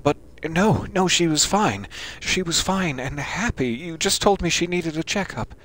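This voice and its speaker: A man's voice: a little high, expressive, a little slow, fairly bright tone, pitched above the performer's own voice. A man voicing a grieving young mother who pleads in a raised, breaking voice. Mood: distraught.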